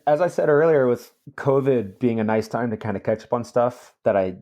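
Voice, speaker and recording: A man co-hosting a music podcast, chatting in a relaxed way with restarts. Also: mid-range voice, moderate pace, dull audio. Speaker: podcast co-host. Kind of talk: casual chat.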